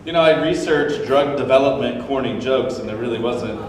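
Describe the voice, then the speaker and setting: A man emcees a live evening event in an upbeat, joking way, welcoming the crowd and running through the rules. His voice sits at an ordinary middle pitch. It comes from a handheld mic held a bit far off, so it rings through a large echoing hall with a long tail and a faint hum of room noise underneath. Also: moderate pace, few pauses. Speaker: event host. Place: large open ground-floor hall.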